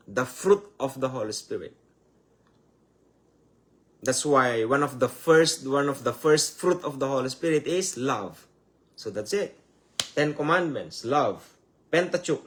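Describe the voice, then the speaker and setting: A man's voice: medium pitch, fairly bright tone. A man with a Filipino accent, a native Tagalog speaker, gives a Bible teaching in English in a loose, conversational way. He keeps calling his listeners "my dears" and repeats rhetorical questions. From Philippines. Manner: loose and conversational, starts phrases over. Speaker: preacher. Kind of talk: live-streamed Bible teaching.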